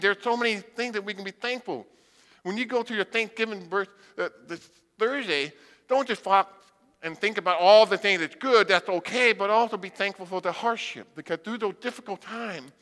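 Preaching in a large hall, a blind man with a high voice tells humorous stories in his sermon, animatedly acting out the voices.

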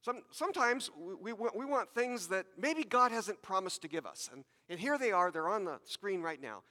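A man's voice: high voice, expressive, moderate pace, bright, forceful tone, big-room sound. A man preaching a sermon to his congregation, talking conversationally with repeated words and asides. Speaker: pastor.

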